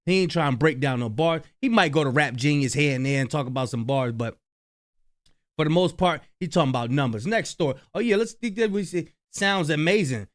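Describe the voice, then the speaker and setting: A man from New Jersey hosting a reaction channel, giving animated, slangy commentary on clips and repeating his points. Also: fairly high pitch, fairly quick.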